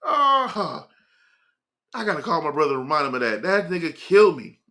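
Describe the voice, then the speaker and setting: Young male host, keeps breaking into laughter, animated delivery. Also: on the high side, racing. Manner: laughing hard, breaking into giggles between words. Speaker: morning show host. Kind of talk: casual chat with live viewers.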